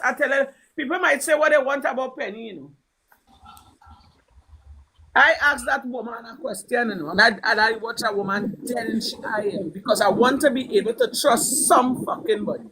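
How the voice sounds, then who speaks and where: A woman's voice: high voice, pushed and bright, breathy edge, poor audio. A Trinidadian woman talking politics on a live stream with fervent emphasis, repeating her points. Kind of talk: impassioned political talk.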